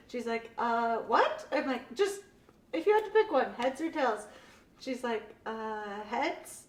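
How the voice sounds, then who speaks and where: A bubbly young woman, a math teacher, tells stories in a relaxed interview and breaks into laughter often. Her voice sits a little high. It sounds roomy and echoey, as if the mic is some distance away, with a faint hiss behind her. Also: measured pace. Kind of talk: casual interview storytelling.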